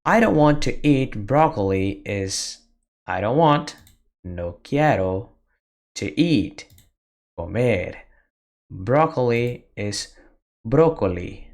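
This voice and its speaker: Very slow-paced Spanish lesson voice. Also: mid-range voice, expressive, darkish tone. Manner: slow, deliberate drilling with pauses for repetition. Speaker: Spanish teacher. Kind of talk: slow beginner language lesson.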